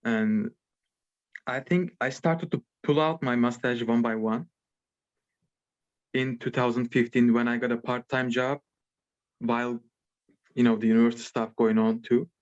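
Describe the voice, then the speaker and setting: A young man from Turkey speaks English with a Turkish accent at an ordinary pitch. He gropes for words with many fillers and restarts. His voice comes through slightly dull, like lo-fi call audio. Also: steady tone. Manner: hesitant, halting with many fillers. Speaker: podcast guest. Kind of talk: casual chat.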